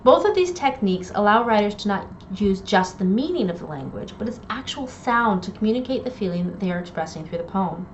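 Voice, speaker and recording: A woman English instructor giving a recorded lecture, explaining terms clearly and reading poems aloud. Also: medium pitch, expressive, fairly quick, hardly any pauses. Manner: clear explanatory delivery with quoted poem readings. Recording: dull lo-fi audio, faint noise.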